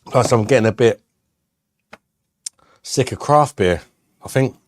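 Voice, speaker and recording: A man's voice: mid-range voice, unhurried, dry recording. A man, chatting casually on a live stream, blunt and sweary, laughing often and reading out chat messages. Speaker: beer reviewer hosting a live stream.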